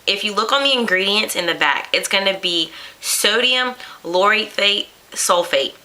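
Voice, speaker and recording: A young American woman telling a personal story to her camera in a chatty, animated way, with many fillers and quoted reactions. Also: medium pitch, measured pace, low-quality recording. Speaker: vlogger.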